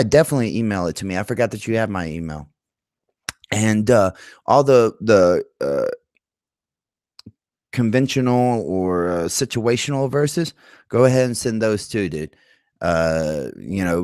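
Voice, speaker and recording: A man's voice: lowish voice, no room sound, studio quality. A man hosting a livestream in casual, crude chat, swearing and laughing often. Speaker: livestream host.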